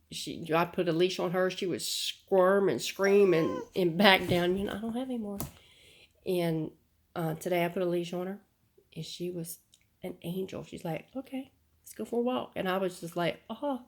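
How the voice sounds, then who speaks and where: A middle-aged woman talks through a dog training session in a relaxed, chatty way. Her voice sits a bit low for a woman. She often repeats herself as she goes. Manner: chatty, repeats words, sharp commands to puppy. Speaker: dog breeder. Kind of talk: casual training demo.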